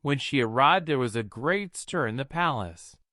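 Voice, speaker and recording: Expressive male storybook narrator. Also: mid-range voice, moderate pace, dry recording, studio quality. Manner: expressive, lilting delivery.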